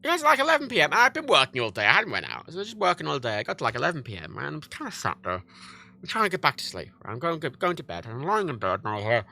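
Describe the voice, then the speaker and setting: A man's voice: fairly high pitch, wildly swooping pitch, racing, gravelly, pushed and bright. A man livestreaming from home, chatting in a rambling, profane way and often cutting himself off. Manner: rambling, profane, self-interrupting. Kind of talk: casual rambling chat.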